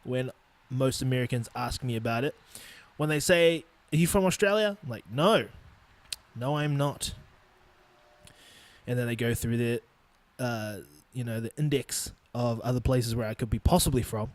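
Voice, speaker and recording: Hosting a podcast, a young New Zealander rants casually and crudely in a mid-range, darkish voice that stays steady at normal speed. The recording is dry, and he laughs between his blunt points.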